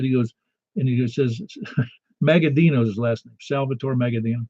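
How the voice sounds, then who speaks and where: An older man from Niagara Falls, New York, running a ham radio net and chatting easily with callers, poking fun at himself as he tells stories. His voice is mellow and relaxed, set in a dry room with nothing behind it. The audio sounds a little dull and lo-fi. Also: mid-range voice, brisk, no echo. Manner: chatty, self-deprecating storyteller with restarts. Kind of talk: casual on-air radio chat.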